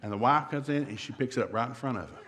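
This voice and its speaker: A middle-aged man, a guest seminar speaker, delivers a funny marriage talk in a folksy, joking style and acts out what couples say to each other. His voice is medium in pitch and fairly bright, and he talks rapid-fire.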